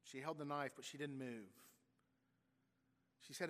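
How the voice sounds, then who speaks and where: A man's voice: mid-range voice, steady tone, a little slow, long pauses, fairly bright tone. A man, a pastor, tells a story in a sermon, briefly voicing its people. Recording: long church reverb.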